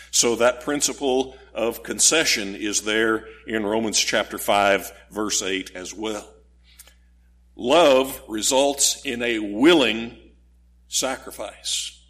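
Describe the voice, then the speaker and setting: A man preaching a sermon, slow and deliberate, lifting his voice on key words. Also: medium pitch, fairly bright tone, slightly rough.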